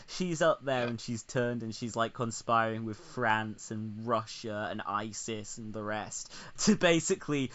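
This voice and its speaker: A man's voice: fairly low pitch, a little slow, hardly any pauses, a bit bright. A man co-hosting a podcast, sarcastic and sweary in casual comedic chat. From Britain. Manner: sarcastic, sweary, mocking impressions. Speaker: podcast co-host. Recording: slightly dull lo-fi sound.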